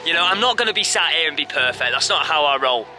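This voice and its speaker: Out on a riverbank, a young Englishman who vlogs about fishing gives a casual, joking walkthrough of his technique and whoops when he hooks one. He talks fast in a fairly high, sharp, animated voice, with faint music in the background.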